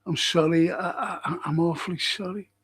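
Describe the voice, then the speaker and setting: An older man with a Liverpool accent, hosting a casual livestream and chatting through viewer comments in a rambling way with excitable bursts. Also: on the high side, moderate pace, breathy edge. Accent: Liverpool (Scouse). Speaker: livestream host reading chat.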